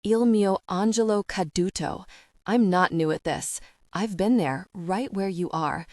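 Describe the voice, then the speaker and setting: A woman voicing a tender, protective grown man who speaks in soft, soothing reassurances. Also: lowish voice, measured pace, no echo, clean studio sound, close to an everyday voice.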